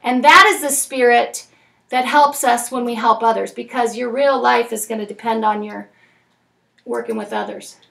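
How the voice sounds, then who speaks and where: Frank high-voiced woman leading a class. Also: fairly even intonation, normal speed, vocal fry, fairly bright tone, distant mic. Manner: frank, emphatic, lots of tag questions. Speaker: parenting class leader. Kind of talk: recovery group lesson. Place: meeting room with group.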